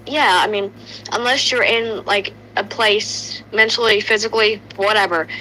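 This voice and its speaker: A woman with a bright, crisp tone gives blunt, critical casual commentary. Her pitch sits mid-range, and a faint hum runs behind her. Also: rough recording.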